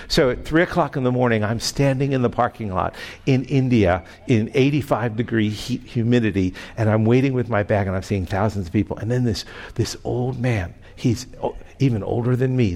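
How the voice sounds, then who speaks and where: Pastor preaching in a reverberant church hall. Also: male voice, medium pitch. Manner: animated, stumbles and repeats words while telling the story. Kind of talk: storytelling sermon. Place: church sanctuary. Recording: long reverb of a large hall.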